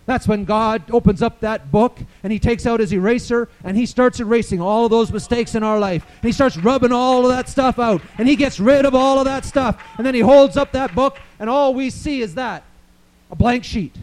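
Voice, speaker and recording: A man preaching a sermon, swinging from quiet storytelling to loud, fervent declarations. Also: very high-pitched, normal speed, low-quality recording.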